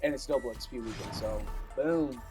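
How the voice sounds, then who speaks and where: A young man hosting his gaming channel, giving chatty, excitable commentary with playful asides. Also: medium pitch, normal speed, over music, rough recording. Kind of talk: casual gameplay commentary.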